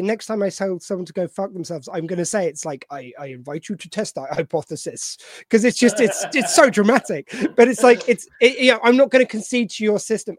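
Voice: mid-range voice, no echo. A speaker co-hosting a podcast in casual chat, enthusiastic and sweary, often restarting words. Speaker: podcast co-host.

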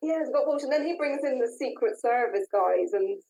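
A woman's voice: fairly high pitch, animated, fairly quick, mellow, poor audio. A woman co-hosting a casual podcast from her home over a video call, chatty as she recaps an episode. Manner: chatty, recapping with laughs and fillers. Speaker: podcast co-host. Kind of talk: casual chat. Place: own home.

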